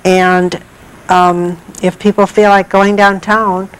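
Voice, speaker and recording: A woman guest explaining regional art history in a measured, thoughtful way with pauses. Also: mid-range voice, level tone, clear, resonant tone, poor audio. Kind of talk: explaining in an interview.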